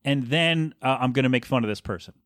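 A man's voice: mid-range voice, quick pace, a bit bright, dry recording, clean studio sound. Sarcastic thirty-something man ranting on a podcast. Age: 30s. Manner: sarcastic, rambling, mock-professional. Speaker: podcast host. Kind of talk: casual solo podcast rant. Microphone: podcast microphone.

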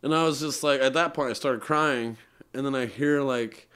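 A man's voice: medium pitch, moderate pace, fairly bright tone, smooth. A young man, a musician guest on a podcast, telling a long personal story in an earnest, rambling way with many fillers.

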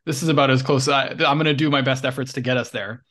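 A man's voice: mid-range voice, steady tone, fast, fairly bright tone. A young adult man co-hosting a coaching podcast, talking in a reflective, hesitant way with many restarts. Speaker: podcast co-host. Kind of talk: casual chat, storytelling.

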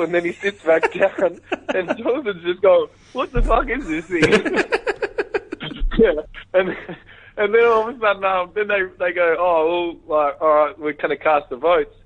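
A man guest in a casual phone interview, retelling events in a rambling, animated way and acting out what others said. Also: a little high, no echo. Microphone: phone call. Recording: tinny phone line, dry.

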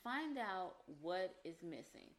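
A woman talks through relationship advice in a casual, earnest way. Her voice sits a little low for a woman, and she acts out the phrases people might say. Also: very animated, takes it slowly. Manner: earnest, explains with acted-out example phrases.

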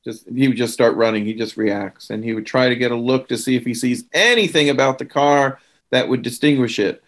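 A man's voice: mid-range voice, brisk. Stammering man playing a tabletop game. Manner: stammering, hesitant. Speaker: player. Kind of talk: tabletop role-play, in-character speech.

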